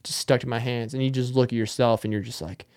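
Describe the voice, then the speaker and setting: A man's voice: medium pitch, steady tone, fast talker, darkish tone. A young man hosting a podcast, talking alone in a casual, rambling, self-mocking way. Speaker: podcast host. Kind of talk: casual solo monologue.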